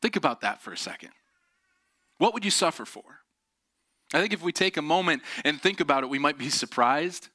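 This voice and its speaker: Man, motivational speaker, animated and earnest, laughs often, dry close sound. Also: a little high, brisk, long pauses, no echo. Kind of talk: motivational talk with personal stories.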